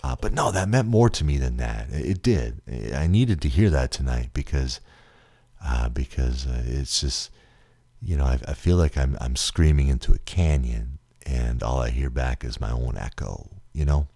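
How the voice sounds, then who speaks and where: A man with a very deep, husky voice hosts a solo podcast. He rambles earnestly, trips over repeated words and sounds close to tears. The recording is dry and close to the mic. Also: lively intonation, normal speed, warm tone, dry recording. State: near tears. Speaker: podcast host.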